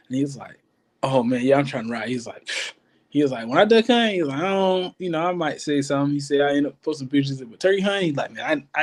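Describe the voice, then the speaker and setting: A man, telling hunting stories as a podcast co-host in casual chat and acting out quoted voices. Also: mid-range voice. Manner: storytelling, acts out quoted voices.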